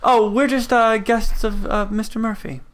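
A man's voice: high-pitched, fairly even intonation, moderate pace. A man playing a tabletop game, joking and laughing with friends. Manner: jokey, laughing. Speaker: player. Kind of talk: casual tabletop play.

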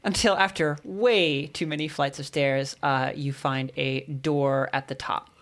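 A man narrating as game master of a tabletop game, describing scenes with loose, relaxed hesitations. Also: on the high side, measured pace.

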